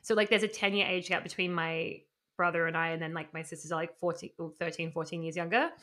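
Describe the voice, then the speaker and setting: A woman in her thirties joins a podcast as a guest, chatting with excitement and rambling with plenty of fillers. Her voice is bright and sharp. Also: lowish voice, fast talker. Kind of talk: casual podcast chat.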